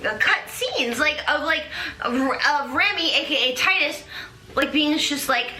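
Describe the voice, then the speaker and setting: A woman's voice: high voice, expressive, unhurried, bright, forceful tone. A young woman hosting a comedic chat, rambling playfully with lots of fillers. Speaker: host. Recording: echoey room with faint noise.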